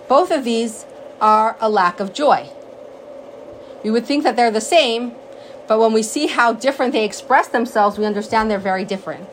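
Woman Torah teacher, slightly high voice, animated and storytelling, faint noise behind. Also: moderate pace, rough recording. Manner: animated storyteller, acts out quotes. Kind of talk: lecture on a sacred text.

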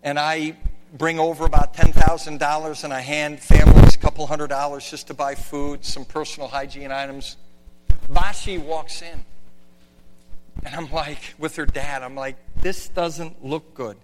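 A man's voice: a little high, flat delivery, normal speed, slight background noise. Impassioned preacher man, big echoing hall. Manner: impassioned, swings from hushed to shouting. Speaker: pastor. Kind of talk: sermon with slides.

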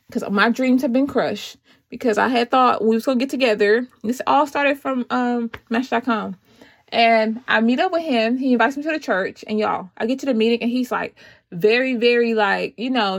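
A woman's voice: on the high side, creaky. A woman telling viewers a personal story in a casual, chatty way, often calling out to them as y'all and ladies while she gives dating advice. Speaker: vlogger giving Christian dating advice.

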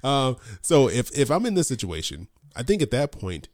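A man's voice: mid-range voice, huge pitch swings, normal speed, no echo, clean studio sound. A man co-hosting a casual livestream chat. He is chatty and laughs often. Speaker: co-host.

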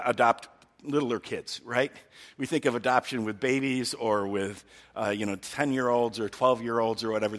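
A man's voice: medium pitch, a bit bright, big-room sound. A male pastor giving a conversational sermon, often checking in with his listeners. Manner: talky, keeps checking in with the listeners.

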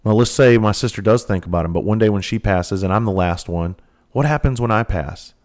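A man's voice: on the low side, brisk, darkish tone. A man speaking in a candid monologue, earnest and blunt, with casual cursing and repeated phrases. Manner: earnest, heartfelt storytelling. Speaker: trainer for first responders.

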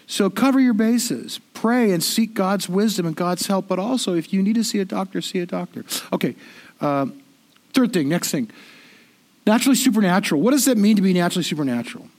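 A man's voice: sits high, expressive, a little fast. A middle-aged man giving a sermon in a conversational, self-deprecating way, often repeating himself. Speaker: pastor.

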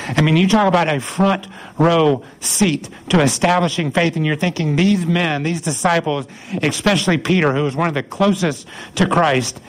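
Animated male preacher telling a story. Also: a little high, poor audio. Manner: animated storytelling, acts out quoted voices. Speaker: pastor. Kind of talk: sermon.

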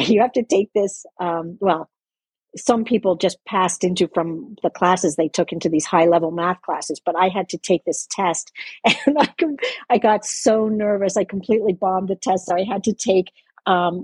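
Older woman, faint Canadian accent, breathy edge, dry recording; thoughtful, meandering interview guest. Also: medium pitch, darkish tone, dry recording. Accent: light Canadian. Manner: rambling, self-correcting, laughs at herself. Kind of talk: reflective interview talk.

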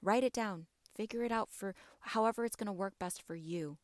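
A woman's voice: mid-range voice, brisk, no echo, studio quality. A woman hosting a wellness podcast, speaking encouragingly and directly to her listeners. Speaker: podcast host.

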